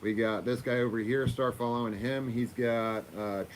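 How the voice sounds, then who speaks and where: The host, a man from Florida, ends his casual livestream with loose talk to viewers and his dog, swearing here and there. He keeps a steady tone and moderate pace in a mid-range voice, against a little hiss or hum.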